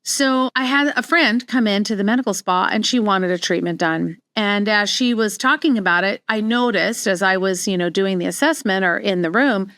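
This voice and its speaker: Middle-aged woman host, casual storytelling, candid and chatty, mid-pitched voice, dead-dry close mic. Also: normal speed, hardly any pauses, no room sound. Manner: candid, animated when quoting herself, frequent restarts. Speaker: podcast host, wellness practitioner. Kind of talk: casual solo podcast storytelling.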